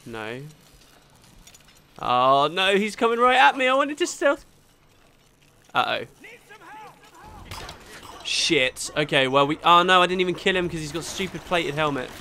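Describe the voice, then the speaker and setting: A man's voice: a little high, sharp tone. A young man hosting a let's play at home, chatting and rambling as he reacts to the game, recorded on a desktop mic. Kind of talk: gameplay commentary. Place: home room during a thunderstorm. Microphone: desktop mic recorded in Audacity.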